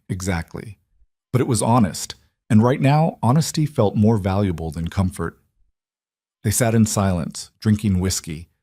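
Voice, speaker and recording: Male narrator, measured story read, low voice, dry close mic. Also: warm tone, no echo.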